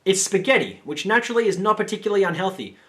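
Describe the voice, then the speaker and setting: A man's voice: high voice, lively intonation, rapid-fire, a bit bright. A man hosting a film review video, giving blunt, sarcastic scripted commentary and swearing casually.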